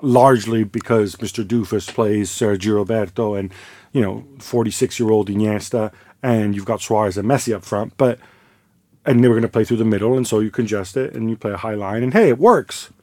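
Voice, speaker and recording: A man giving lively, joking football analysis in a casual podcast chat, full of quick asides. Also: on the low side, dry recording. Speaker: football pundit.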